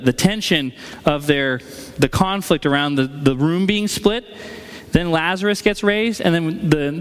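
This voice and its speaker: A man in his thirties who is a pastor, preaching a sermon in a conversational way and acting out the quotes he tells. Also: a little high. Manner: conversational, animated, acts out quotes. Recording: echoey hall.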